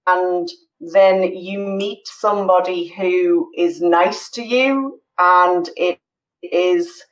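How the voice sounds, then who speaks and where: A woman co-host speaking earnestly in a casual chat, pausing and searching for words. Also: fairly low pitch. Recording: roomy, distant mic.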